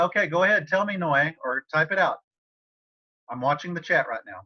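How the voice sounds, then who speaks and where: In an online tutoring session, a man teaches Spanish with an expressive, slightly high voice at a moderate pace, casually cheering students on by name. The sound comes through a computer mic on a video call and is a bit dull.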